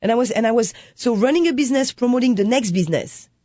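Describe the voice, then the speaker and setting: A woman's voice: fairly high pitch, expressive, fast talker, warm tone, no room sound, clean studio sound. A woman, a coffee shop owner who speaks as a guest in a casual interview chat and acts out customers and her son as she tells stories. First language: French.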